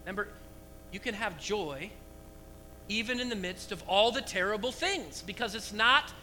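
A man preaching a lively sermon to his church, asking the congregation rhetorical questions. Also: high voice, moderate pace, slight background noise, poor audio. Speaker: pastor.

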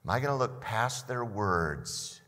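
A man's voice: lowish voice, expressive, a little slow, pushed and bright, in a large hall. An older man preaching a sermon as a pastor, often repeating the first words of a phrase and asking the listeners questions.

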